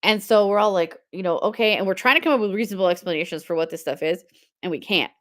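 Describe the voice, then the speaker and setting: A woman's voice: medium pitch, quick pace, a bit bright. A woman in her forties hosting a live-stream sale, chatting casually, telling stories with frequent laughter and reading out viewer comments.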